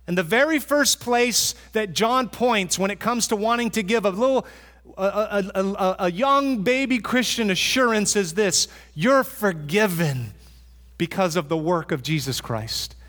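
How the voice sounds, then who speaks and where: High-voiced male pastor preaching in a reverberant hall. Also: expressive, a bit bright. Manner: earnest, repeats for emphasis, with pauses and restarts. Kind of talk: sermon.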